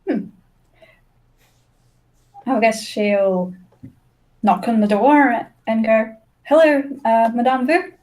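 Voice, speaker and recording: A woman's voice: a little high, slow pace, pauses often, a little mellow, low-quality recording. A woman playing a tabletop role-playing game, talking casually and filling her speech with "like". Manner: casual, full of "like" fillers. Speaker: player.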